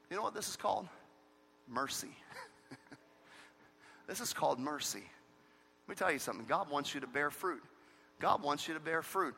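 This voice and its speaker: Bright-voiced pastor preaching in a reverberant hall. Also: male voice, on the high side, animated, normal speed, vocal fry, long pauses, a little hiss or hum. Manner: emphatic preaching with repeated phrases. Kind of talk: sermon. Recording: long reverb of a large hall.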